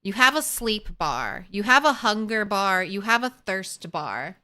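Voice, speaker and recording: A woman's voice: mid-range voice, sing-song, unhurried, pushed and bright, clear, resonant tone. A young woman streaming a survival game, chatting casually and swearing now and then as she talks to viewers and her animals. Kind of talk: casual gameplay commentary.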